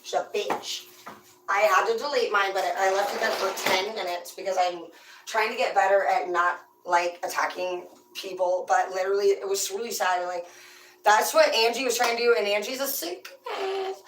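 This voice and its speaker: A woman's voice: medium pitch, steady tone, moderate pace, fairly bright tone, a little hiss or hum. A woman hosting a tarot channel, ranting casually with brash, profane, rambling talk. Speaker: tarot reader and host. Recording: echoey room, voice far from the mic.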